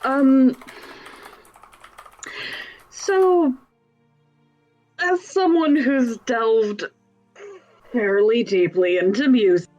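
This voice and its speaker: A woman's voice: a little high, drawn-out words, pauses often, darkish tone, muffled recording, faint music behind. A young woman playing a tabletop game, speaking hesitantly and thoughtfully. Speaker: player.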